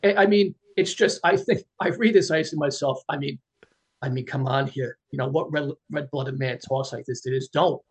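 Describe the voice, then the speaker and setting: A man's voice: on the high side, steady tone, fairly quick, slightly rough. A man who is a retired police officer, talking as a guest in an earnest, plain-spoken way. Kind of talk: casual interview talk.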